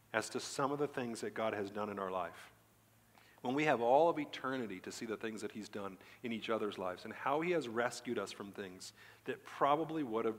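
A male pastor giving a Sunday sermon, preaching emphatically and breaking into animated, excited stretches. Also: on the low side. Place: church sanctuary. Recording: church hall reverb.

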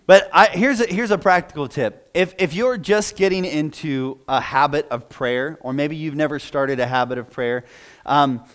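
A man's voice: mid-range voice, brisk. A pastor in his thirties preaching a sermon in a conversational way, joking with the congregation.

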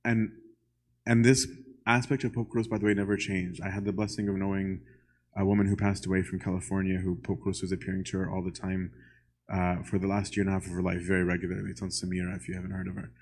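Low-voiced man giving a church talk. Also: level tone, fast, a little mellow. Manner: conversational, often asks "right?"; poses questions straight to the audience. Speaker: lecturer. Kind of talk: church lecture.

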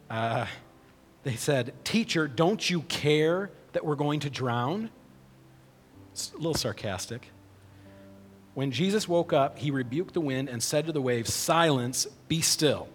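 A medium-pitched male voice, with a little hiss or hum and long hall reverb. The speaker is a pastor giving a sermon in a conversational style, often pausing to ask "right?".

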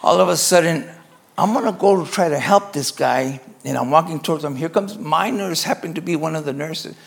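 A pastor tells a story from the pulpit in a somewhat high, gravelly voice. He is animated and acts out each scene as he goes. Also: a little fast. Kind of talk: sermon storytelling.

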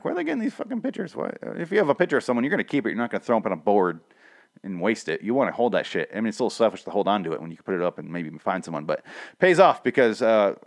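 A man hosts a casual, profane comic recap. He rants and swears freely in an animated way. His voice sits in a mid range. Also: fairly low pitch.

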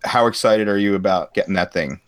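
A man's voice: fairly low pitch, brisk, a little hiss or hum. A man hosting a podcast in a casual chat, joking with his guests and laughing often. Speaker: podcast host.

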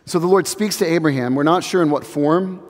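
A man in his thirties preaching a sermon, earnest and reflective, dropping to a hush for emphasis. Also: on the high side, long reverb tail. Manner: earnest, reflective, building slowly to hushed emphasis. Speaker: pastor.

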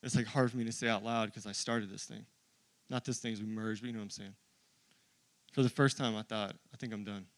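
A male pastor giving a sermon in a casual, confiding way, often saying "dude" and "like". He moves from quiet storytelling to loud, fervent preaching. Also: fairly even intonation, fairly quick, no echo. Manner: builds from quiet, low storytelling to loud, high-pitched preaching.

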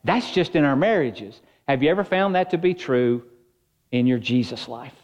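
A man's voice: mid-range voice, lively intonation, moderate pace, a little mellow, muffled recording. A man preaching a sermon as pastor, earnest and conversational, shifting his emphasis as he speaks.

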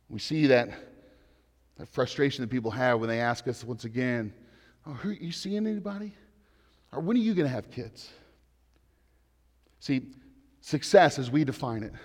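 A man preaching a sermon in an earnest way, rising to loud pleading and dropping to hushed lines. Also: a little high, in a large hall. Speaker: pastor.

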